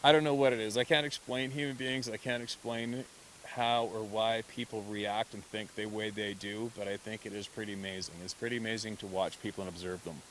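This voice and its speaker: A man, a hunter, talking in a casual monologue, animated and laughing often as he acts out other people's reactions. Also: fairly low pitch, fairly quick, slight background noise. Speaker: hunter telling encounter stories.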